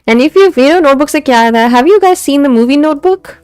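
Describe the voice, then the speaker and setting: Chatty Indian woman streamer, bright voice. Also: high voice, expressive, rapid-fire, no echo, faint music behind. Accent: Indian English. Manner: chatty, switches between English and Hindi, many restarts. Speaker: VTuber streamer. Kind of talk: casual live-stream chat about fan poetry.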